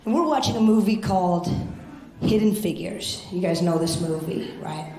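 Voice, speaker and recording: A young woman doing a brash, profane stand-up set with loud exasperated outbursts. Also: on the low side, expressive, normal speed, background noise. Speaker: stand-up comedian. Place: comedy club stage. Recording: echoey club stage.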